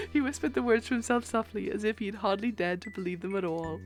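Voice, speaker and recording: A woman streamer reading a dating game aloud and reacting, excitable, squealing and laughing often. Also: mid-range voice, quick pace, few pauses, soft background music. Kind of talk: live game read-along and commentary.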